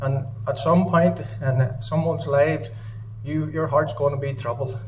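A man's voice: fairly high pitch, steady tone, unhurried, distant mic, background noise. A man giving an earnest, emotional sermon in a church service, often repeating his phrases. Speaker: lay preacher.

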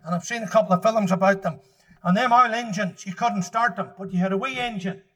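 A man preaches with fervour, his voice pitched very high and sharply bright. He leans hard on his points and breaks into shouts when he presses them home. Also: brisk, poor audio. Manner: fervent, emphatic preaching that rises to shouts. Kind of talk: sermon.

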